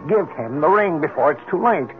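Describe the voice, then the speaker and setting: A man's voice: on the high side, animated, fairly quick, soft background music, natural voice. A man playing an earnest suave general. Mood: urgent. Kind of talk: 1970s radio drama acting. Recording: muffled old radio broadcast.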